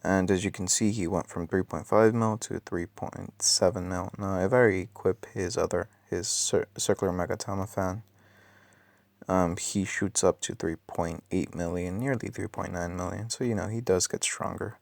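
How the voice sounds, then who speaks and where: A man with a raspy, just-woken-up voice, thinking aloud with many ums and self-corrections during casual gameplay commentary. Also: sits low, fairly even intonation, normal speed, no echo. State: just woke up. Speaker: mobile game player.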